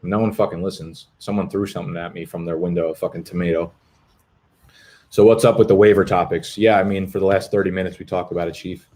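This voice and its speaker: Young dude on a fantasy football stream, lowish voice, swears a lot, rambles and jokes with chat. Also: male voice, fairly even intonation, quick pace, a little mellow. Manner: profane, rambling, jokey. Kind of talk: casual live-stream chat reading comments. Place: apartment in Brooklyn.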